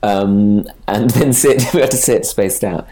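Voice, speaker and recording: A man chatting casually as a podcast co-host, laughing often and throwing in quick asides. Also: fairly low pitch, background noise. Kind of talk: casual chat.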